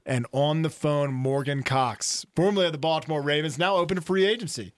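Male sports radio host, slightly high voice, dry studio sound, upbeat and loose. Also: a little fast, dry recording. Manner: upbeat, loose, steers the segments. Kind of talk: casual sports radio chat.

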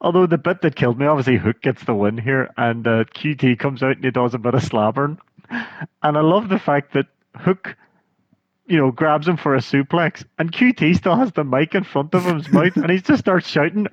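A man's voice: a little high, moderate pace, no room sound, muffled recording. A Scottish man co-hosting a podcast, chatting casually and telling stories with lots of laughter. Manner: chatty, laughs often, animated storytelling. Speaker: podcast co-host. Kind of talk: casual chat.

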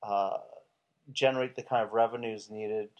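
Male co-host, wry joker, relaxed casual talk. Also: on the low side, moderate pace, dull audio. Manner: wry, jokey asides.

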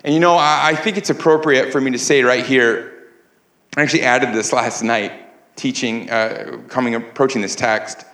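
Earnest preacher in an echoey church. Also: male voice, medium pitch, fairly even intonation, normal speed, a bit bright. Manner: earnest, repeats words while building emphasis. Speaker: pastor. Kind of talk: sermon. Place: church sanctuary.

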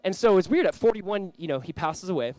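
An earnest male pastor from Southern California delivers his sermon in a chatty, storytelling way, his voice sitting a little high for a man. The sound is dry and close, with no room around it. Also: animated, brisk, no room sound. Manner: earnest, conversational, swings from loud reading to quiet prayer; storytelling with self-deprecating asides.

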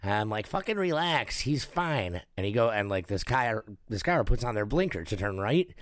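Animated young man telling a story. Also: on the low side, a little fast, dry recording, clean studio sound. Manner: animated, swears a lot, acts out voices while telling stories. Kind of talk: casual storytelling.

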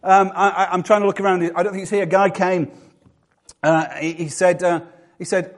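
A man's voice: sits high, a little fast. A middle-aged man preaching a sermon as pastor in a church, chatty and self-mocking, with frequent restarts and jokes to the congregation.

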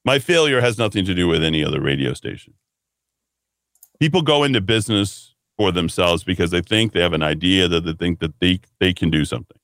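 A man's voice: low voice, lively intonation, fairly quick, fairly bright tone, dry recording. A man hosting a talk radio show, ranting bluntly and combatively in a monologue from a radio studio. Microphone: studio microphone.

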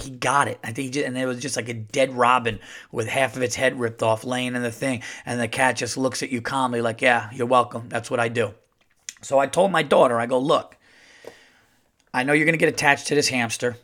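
Profane, animated male podcast host. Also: medium pitch. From Italian-American family. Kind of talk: casual monologue.

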